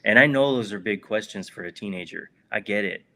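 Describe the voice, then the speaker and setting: A man's voice: on the low side, fairly quick, creaky, bright, forceful tone. A man giving a heartfelt, reflective answer as an interview guest, earnest and repeating words for emphasis. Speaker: guest, former prisoner.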